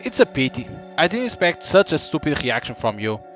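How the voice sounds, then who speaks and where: A man's voice: on the high side, sing-song, fairly quick, a bit bright, soft background music. A man voicing a cruel witch teacher in a video game, cold and disdainful.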